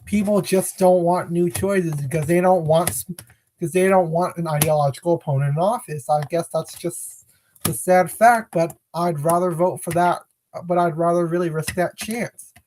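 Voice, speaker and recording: A woman's voice: fairly low pitch, steady tone, moderate pace, a little mellow, a little hiss or hum. Rambling woman chatting on a live stream. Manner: rambling, self-correcting, greets viewers by name. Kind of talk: casual live-stream chat.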